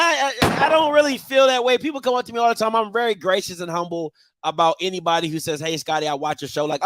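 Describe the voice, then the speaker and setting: This host is a man with a strikingly high voice. He tells his story in an animated, excitable way, breaking into loud outbursts full of slang. The recording is dry and close, with no room sound. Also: no echo. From Maryland. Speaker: football show host. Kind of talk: casual storytelling monologue.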